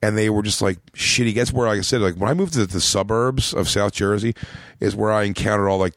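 A comedian in his late thirties from Philadelphia talks through a long story, lurching between voices for the people in it. His voice sits a little low, and the recording is dry and close. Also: a little fast, no room sound. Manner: rambling, animated storyteller acting out quotes. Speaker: comedian guest. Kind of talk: casual storytelling chat.

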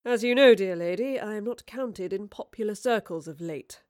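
A woman's voice: mid-range voice, normal speed, a little mellow, no echo, natural voice. A wry, defiant playwright of olden times, read by a woman, formal and clipped. The delivery is close and dry. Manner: clipped, formal period speech.

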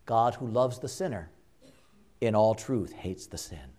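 A man preaching a sermon, slow and emphatic, with dramatic pauses and quiet hushed drops. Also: on the low side, expressive, slightly rough.

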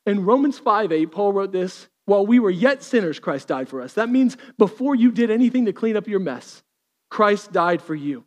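High-voiced preacher. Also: male voice, normal speed, in a large hall. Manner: energetic storytelling, dropping to quiet intensity. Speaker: pastor. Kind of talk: sermon.

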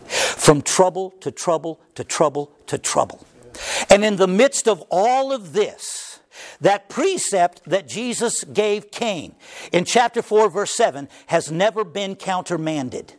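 A man preaching a sermon, swinging from hushed passages to loud, impassioned cries at the climaxes. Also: animated, a little slow. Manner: preaching with dramatic swings in pitch, crying out at climaxes. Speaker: pastor.

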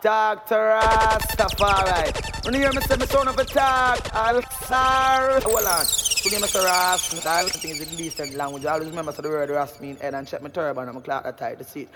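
A man's voice: high voice, normal speed, long reverb tail, heavy background noise. A man giving a fervent Rastafarian preaching monologue, swearing as he goes. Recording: loud music playing behind.

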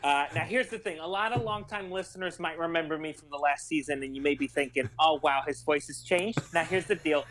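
A man doing a high-voiced folksy male caller. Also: a little fast, few pauses, fairly bright tone, close to an everyday voice. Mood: rambling. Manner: folksy, rambling, with down-home exclamations. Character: goofy middle-aged male longtime caller, folksy and rambling. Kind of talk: improvised comedy bit.

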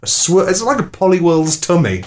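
A man hosting a comedy podcast, talking quickly and laughing often. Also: high voice, sing-song, slight background noise. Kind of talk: casual comedy chat.

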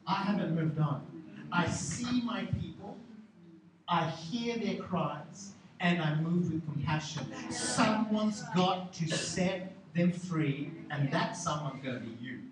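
Brief: a preacher acting out God, steadfast and compassionate, firm and insistent, distant mic in a roomy, noisy hall. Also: male voice, high voice, lively intonation, slow.

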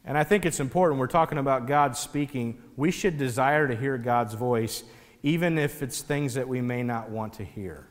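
A man giving a sermon in an animated, conversational storytelling way. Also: mid-range voice, normal speed, long reverb tail. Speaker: pastor.

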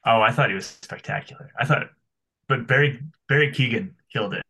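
A man's voice: medium pitch, a little fast, pushed and bright, husky. A man co-hosting a casual movie podcast, joking around and laughing often. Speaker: podcast co-host.

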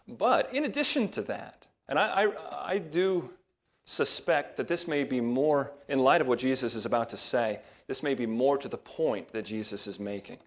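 A man preaching a verse-by-verse sermon as pastor, in a measured teaching tone that leans on key words. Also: mid-range voice, lively intonation. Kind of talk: expository sermon.

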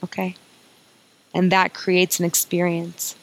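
A woman's voice: fairly low pitch, fairly even intonation, moderate pace, creaky, low-quality recording. A woman hosting a podcast as an emotional healing coach, talking in an earnest, confiding way and repeating phrases for emphasis.

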